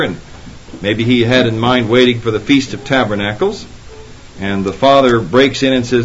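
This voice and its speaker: A man's voice: medium pitch, expressive, moderate pace, slight background noise. A man preaching a sermon, rising emphatically when quoting Scripture. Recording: dull lo-fi sermon recording.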